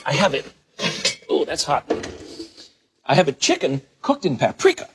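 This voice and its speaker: A man's voice: on the high side, huge pitch swings, moderate pace, background noise. A middle-aged man hosting a televised cooking show from a galley-style kitchen, gushing over each dish as he demonstrates it. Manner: effusive, exclaims over the food.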